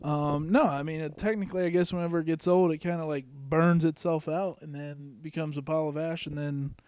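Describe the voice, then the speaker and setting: A man's voice: on the high side, fairly even intonation, brisk, a little mellow, clean tone. A young man co-hosting a casual podcast, teasing his friend with dry jokes. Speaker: podcast co-host.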